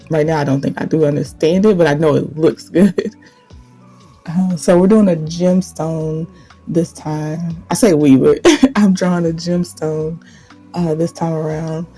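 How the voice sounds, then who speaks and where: Relaxed art-channel host, woman, low gravelly morning voice, warm and dark, easy sketch-along chat. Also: moderate pace. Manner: relaxed and chatty. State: deep morning voice. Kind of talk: laid-back chat while sketching. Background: faint background music.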